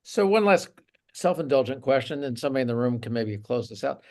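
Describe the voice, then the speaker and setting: A man moderating a church talk, asking quick questions from off-mic. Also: mid-range voice, lively intonation, a little mellow.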